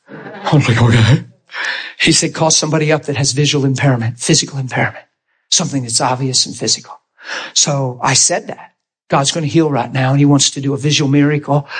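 A man preaching a sermon in a church, telling healing stories in an animated way and often crying out in excitement. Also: mid-range voice, breathy edge. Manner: animated, shouts and cries out in excitement. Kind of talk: sermon with testimony storytelling.

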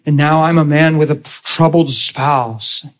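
A man's voice: fairly high pitch, fairly even intonation, measured pace. A man preaching a sermon in a folksy storytelling way, acting out the voices of people in his stories.

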